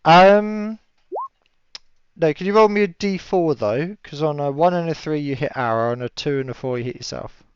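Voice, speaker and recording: A man running a tabletop game as game master, relaxed and chatty, laughing often and yelling enemies' cries in high voices. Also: a little fast, few pauses, clean tone, no echo. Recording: dull lo-fi stream audio, dry.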